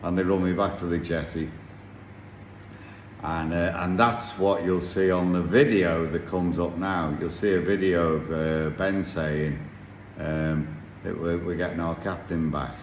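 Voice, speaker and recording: A man telling a casual anecdote about his sailing trip, halting and full of restarts. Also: deep voice, fairly even intonation. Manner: rambling, halting storyteller with many restarts. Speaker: yacht captain telling a story. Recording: echoey room with faint noise.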